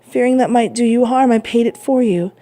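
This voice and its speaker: A woman voicing a frail, gentle old man who is a self-sacrificing father, speaking softly in a storybook reading. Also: on the high side, fairly quick, pitched above the performer's own voice, natural voice. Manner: gentle, soothing.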